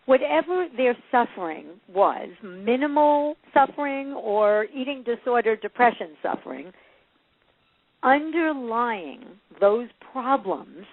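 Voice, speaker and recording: A woman guest giving emphatic, animated advice on a podcast. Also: on the high side, slow pace. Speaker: guest, parenting and beliefs coach. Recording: tinny phone-like line, dry.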